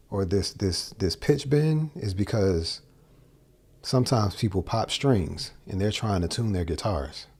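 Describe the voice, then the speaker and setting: A man with a deep, husky, mellow voice walks through guitar tuning in a relaxed teaching chat. He explains each step plainly and keeps checking in with the listener. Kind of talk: casual instructional talk.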